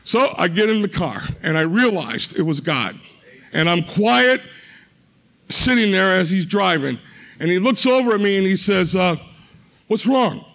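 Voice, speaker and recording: Earnest high-voiced middle-aged man. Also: big pitch swings, vocal fry, a bit bright. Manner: earnest, halting, with repeated words and restarts. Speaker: speaker giving a faith testimony. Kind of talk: personal testimony storytelling.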